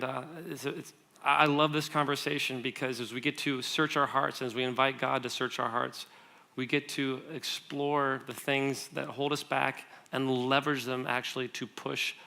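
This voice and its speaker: Bright-voiced man preaching conversationally. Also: mid-range voice, creaky. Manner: animated storytelling with quick asides and laughs; conversational, asks the audience questions. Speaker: guest speaker. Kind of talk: sermon.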